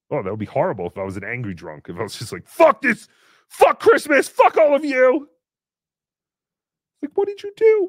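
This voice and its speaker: Man playing a bratty puppet host: high swooping voice, crude sarcastic stream banter, dry close sound. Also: no room sound. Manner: sarcastic, crude, mock-outraged asides. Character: brash foul-mouthed male puppet show host. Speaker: livestream host reading paid messages. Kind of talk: live-stream character chat.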